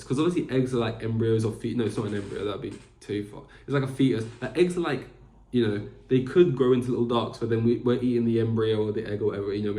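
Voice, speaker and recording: Alone on his podcast, a young male host chats and rambles casually, stumbling through many fillers and restarts. His voice is lowish and warm, and the room is echoey.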